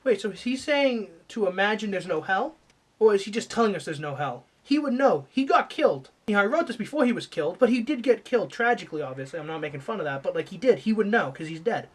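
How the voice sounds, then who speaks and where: A man doing a comedic rant, swearing and shifting from mumbled asides to mock-angry yelling. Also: high voice, big pitch swings, quick pace.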